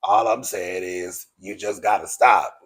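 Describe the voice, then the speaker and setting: A smug, rumbling, raspy lecturer drawn way down low, as a man mimics him, heard from a little farther off the mic, like someone talking through a box fan while they preach. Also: fairly even intonation, a little slow, a bit bright, heavily acted. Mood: lecturing.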